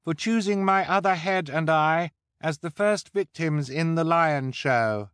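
A man reading as a boy in disguise who speaks in a loud, squeaky-high, grandly drawn-out voice, in a storybook reading. Each word is stretched out slowly and with ceremony. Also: smooth, no echo, studio quality. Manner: grand, slow, high-pitched.

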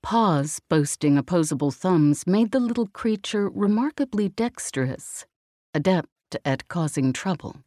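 A woman giving a slow, even scripted narration of a story. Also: low voice, no room sound, studio quality. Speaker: audiobook narrator.

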